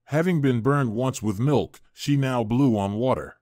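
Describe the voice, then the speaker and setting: A man reading a story aloud in a measured, even manner. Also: medium pitch, no echo, studio quality. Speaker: narrator. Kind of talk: scripted narration.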